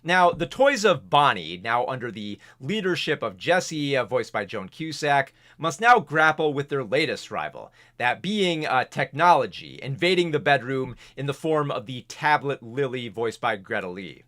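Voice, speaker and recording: A man reviews movies in a loose, chatty way, often stopping to restart his sentences. His pitch moves up and down a lot as he talks. He records at home in front of a camera. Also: very animated, moderate pace, few pauses, a bit bright. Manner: rambling, restarts sentences, laughs at himself. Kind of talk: casual spoken film review. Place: home recording setup with camera and big monitor.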